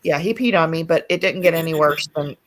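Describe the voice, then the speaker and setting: A woman's voice: low voice, fairly quick. A woman hosting a livestream in casual chat, telling a story bluntly and with profanity. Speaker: livestream host. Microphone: streaming setup mic.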